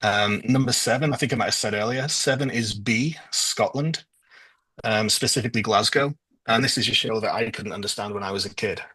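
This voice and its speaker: A man from northwest England hosting a trivia quiz over a video call, going through the answers casually with frequent ums and pauses. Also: on the low side, sharp tone, slightly rough, dry recording, low-quality recording. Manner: hesitant, lots of ums. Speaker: quiz host.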